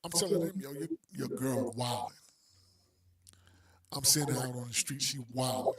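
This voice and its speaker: A man's voice: medium pitch, normal speed, crowd noise. Male podcast co-host, casual slangy storyteller, acts out quotes.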